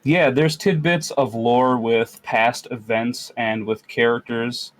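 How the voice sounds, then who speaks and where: A man's voice: medium pitch, steady tone, slow, low-quality recording. Rambling, jokey male game master. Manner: rambling, jokey, lots of fillers. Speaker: game master and podcast co-host. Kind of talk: casual podcast chat.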